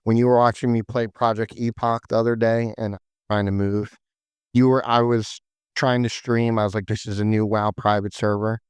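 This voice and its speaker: A man's voice: fairly low pitch, flat delivery, moderate pace, smooth, no echo. A man hosting a casual podcast chat, rambling through game lore with lots of "like" and "um". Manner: rambling, full of "like" and "um".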